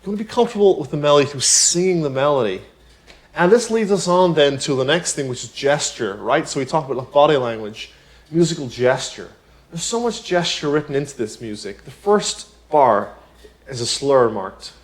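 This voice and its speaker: A man teaching piano in a relaxed tutorial, talking chattily, with many "you know" asides and rhetorical questions. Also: fairly high pitch, brisk. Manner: explains with everyday examples. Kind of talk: casual spoken tutorial.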